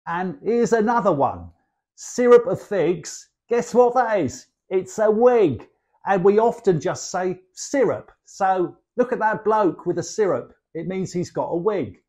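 A man's voice: sits high, lively intonation, unhurried, mellow. An older man with a Cockney accent from London's East End, explaining slang in a chatty, cheeky way as a lesson guest. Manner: chatty and cheeky, playful asides. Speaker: guest dialect speaker.

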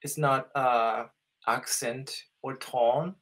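A man's voice: mid-range voice, steady tone, drawn-out words, fairly bright tone. A man in his thirties from Japan with a Japanese accent, practicing English in a casual chat on a video call, hesitating often and searching for words. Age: 30s. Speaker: English learner.

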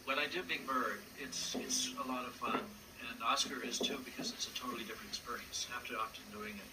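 A puppeteer telling stories in an interview, with a hesitant delivery full of fillers and acted-out voices. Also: male voice, medium pitch, brisk. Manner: hesitant, frequent fillers, acts out voices in anecdotes. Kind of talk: storytelling interview. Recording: distant mic with background noise.

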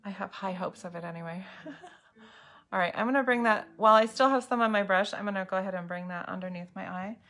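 A woman's voice: medium pitch, brisk, fairly bright tone. A woman chatting casually with viewers while she demonstrates eye makeup on a live video at home. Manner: chatty, bubbly, talks to viewers by name. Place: home room lit by ring light and window light.

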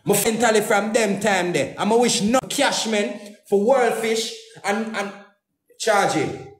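A Jamaican man rants on social media, heated and full of curses, circling back to the same phrases again and again. His voice sits high for a man. The sound rings hard off the walls of a very echoey room. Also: unhurried. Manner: heated, cursing, repeating phrases in Jamaican Patois. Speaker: comedian and YouTuber. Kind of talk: angry social media rant.

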